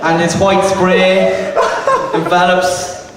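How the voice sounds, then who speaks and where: A man's voice: high-pitched, monotone, slow. Self-mocking man lecturing in an echoey hall. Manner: hesitant, self-mocking, many ums and restarts. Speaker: comic lecturer. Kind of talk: stand-up style comic lecture. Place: arts centre venue with live audience. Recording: echoey hall recorded from far off, noisy.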